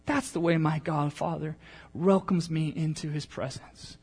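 A pastor preaching a sermon, mixing a casual, joking story with a softer, earnest appeal to the congregation. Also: male voice, on the high side, steady tone, measured pace, breathy edge.

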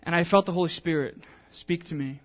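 A man's voice: fairly high pitch, brisk, a bit bright. A male pastor preaching a sermon, telling a personal story in a chatty, emotional way with many fillers, then reading scripture aloud.

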